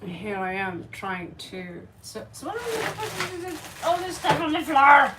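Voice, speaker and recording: A woman's voice: sits high, expressive, normal speed, distant mic, heavy background noise. A woman hosting a live tarot stream from a cluttered room at home, chatting in a rambling, distracted way, often swearing and laughing, picked up by a phone on a tripod.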